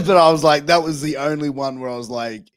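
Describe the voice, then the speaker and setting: Laid-back Australian podcast host. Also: male voice, fairly high pitch, normal speed, no echo. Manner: laid-back, chummy, uses slang. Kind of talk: casual interview.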